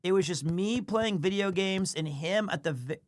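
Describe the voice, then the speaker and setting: A man's voice: sits high, normal speed. Streamer type, man, easygoing chatty storyteller, keeps cooing at his pet mid-story. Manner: rambling anecdote, stops to coo at his cat. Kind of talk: casual livestream chat.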